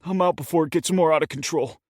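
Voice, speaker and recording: Male narrator as a rattled teen robber wanting out, nervous and higher. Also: fast talker, darkish tone, dry recording, studio quality, lightly acted. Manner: nervous, apologetic. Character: scared remorseful teenage male robber.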